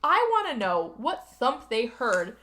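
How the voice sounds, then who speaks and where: A woman's voice: a little high, very animated, a little slow, sharp tone. A woman co-hosting a podcast, animatedly retelling a movie plot and acting out the characters' lines. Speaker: podcast co-host recapping a movie. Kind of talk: casual chat.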